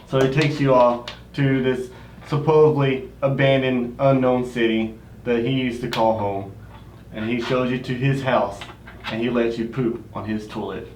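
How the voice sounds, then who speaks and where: A man's voice: mid-range voice, fairly even intonation, normal speed, a little mellow. A young man co-hosting, improvising a story in a rambling way and repeating 'he goes' as he talks. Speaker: co-host and storyteller. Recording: distant mic in echoey room, faint noise.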